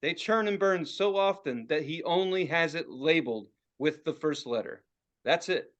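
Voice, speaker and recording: A man's voice: on the high side, normal speed, highs cut off. A man hosting a podcast, telling a story in casual chat and cursing a lot. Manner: animated, profane storytelling. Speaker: podcast host.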